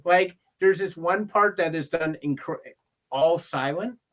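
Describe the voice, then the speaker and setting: Bright-voiced, enthusiastic man. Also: fairly high pitch. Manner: enthusiastic, quick agreeing fillers. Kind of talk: casual movie chat.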